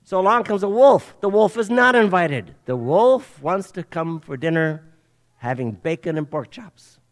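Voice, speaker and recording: High-voiced older man preaching a sermon. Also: measured pace. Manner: animated storytelling preacher. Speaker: pastor.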